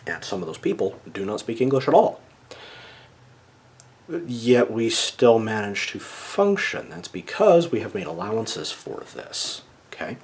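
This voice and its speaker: Lower-voiced man explaining things. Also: big pitch swings, a little slow, darkish tone. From United States. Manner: lecturing, checks in with a frequent "okay?". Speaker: video essayist. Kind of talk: casual explanatory monologue.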